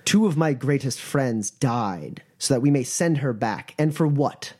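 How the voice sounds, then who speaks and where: A man voicing a solemn elderly grandmaster who speaks in slow, weighty, measured sentences. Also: mid-range voice, lively intonation, darkish tone, slightly rough.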